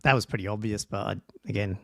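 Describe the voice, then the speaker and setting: A man's voice: fairly low pitch, quick pace, vocal fry, no room sound. A man hosting a livestream podcast, reading out rules and thinking aloud in a loose, casual way with ums and restarts. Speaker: podcast host.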